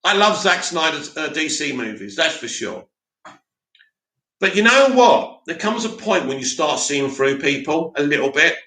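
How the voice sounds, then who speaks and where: A man hosts a live stream and fires off blunt, opinionated takes in reply to his chat. His voice sits a little high and sounds sharp and forward, and the room around him is echoey. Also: animated, normal speed, hardly any pauses.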